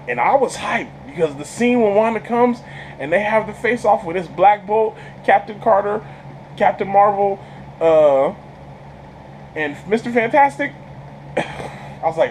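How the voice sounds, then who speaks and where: Excitable, slangy man reviewing a film. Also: high-pitched, measured pace, pauses often, slight background noise, low-quality recording. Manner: excitable storyteller, stammers repeated words, laughs often, slangy. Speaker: channel host reviewing a film. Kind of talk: casual spoiler movie review.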